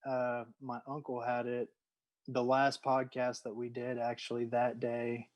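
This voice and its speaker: A man's voice: mid-range voice, monotone, a little slow, highs cut off. A man co-hosting a podcast in laid-back, rambling chat, his voice congested and nasal from a sinus infection. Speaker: podcast co-host. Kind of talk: casual podcast banter.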